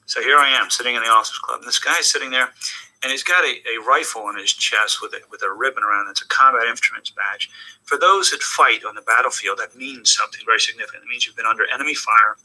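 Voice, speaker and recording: Forceful older American man telling stories. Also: medium pitch, fast talker, poor audio. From United States. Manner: animated, jokey storyteller with sudden drops to a hushed tone. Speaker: interview guest. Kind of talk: conversational storytelling.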